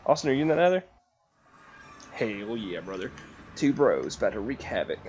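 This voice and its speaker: A man streaming a block-building game, joking loudly, swearing and breaking into panicked yells. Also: fairly low pitch, sing-song, moderate pace, muffled recording, slight background noise. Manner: loud, joking, swearing, bursts into panicked yelling. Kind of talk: casual gaming chat.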